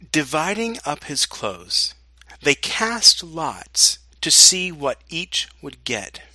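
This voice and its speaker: A pastor reading a scripture passage aloud in a slow, deliberate way. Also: male voice, on the high side, bright, forceful tone, dry recording. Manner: slow and deliberate reading, with dramatic quoted lines.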